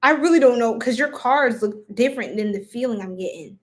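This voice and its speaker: A woman's voice: on the high side, animated, a little fast. A woman giving a live-stream tarot reading, chatty and giggly, casually goofing off and talking straight to her viewers. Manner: casual, talks to viewers as y'all. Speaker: tarot reader.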